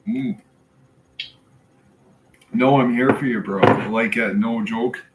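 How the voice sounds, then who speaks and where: A man in a crude casual chat, telling a slow, halting story full of fillers and restarts. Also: mid-range voice, fairly even intonation. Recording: echoey room with faint noise.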